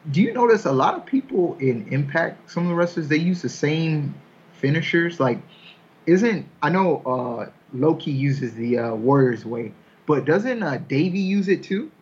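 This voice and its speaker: A man's voice: on the high side, sing-song, normal speed. A man rambling in casual talk, circling his point with plenty of asides. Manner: rambling, lots of fillers and restarts. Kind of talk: casual wrestling chat. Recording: husky, dull lo-fi sound.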